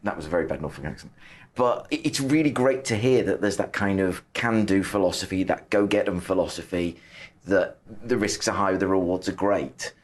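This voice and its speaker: Animated, chatty male podcast host. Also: sits low, fairly quick. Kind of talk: interview questions.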